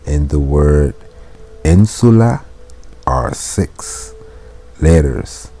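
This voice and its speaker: Deep, dark-voiced man, unhurried; reads Latin slowly, then explains it informally. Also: fairly even intonation, breathy edge. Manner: informal, chuckles while explaining. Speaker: Latin teacher. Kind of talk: casual Latin lesson.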